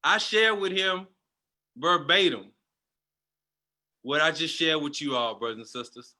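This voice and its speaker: A man's voice: fairly high pitch, measured pace, pushed and bright. A man telling a passionate personal testimony as a guest, in a storytelling manner.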